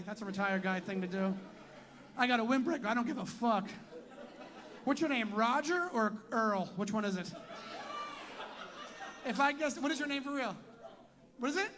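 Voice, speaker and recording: Brash, high-voiced stand-up comedian. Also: male voice, a bit bright. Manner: brash, profane, teasing the crowd. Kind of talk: stand-up crowd work. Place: tent venue with a live audience.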